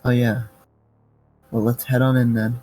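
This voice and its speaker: A man's voice: medium pitch, level tone, measured pace, dark tone, soft background music, low-quality recording. A man playing a tabletop game, thinking aloud in an easygoing, casual way. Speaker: player.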